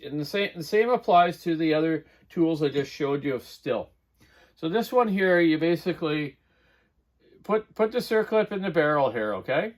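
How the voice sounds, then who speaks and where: A middle-aged man giving a casual hands-on repair demonstration in his workshop, rambling and correcting himself as he works. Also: a little high. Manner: rambling, talks while working, self-correcting. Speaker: chainsaw repair host. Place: home workshop.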